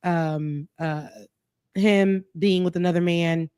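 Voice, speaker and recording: A woman's voice: fairly low pitch, fairly even intonation, slow, darkish tone, clean tone, no room sound, clean studio sound. A woman co-hosting a casual talk show, speaking earnestly and reflectively, rambling a little as she thinks aloud. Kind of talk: casual chat.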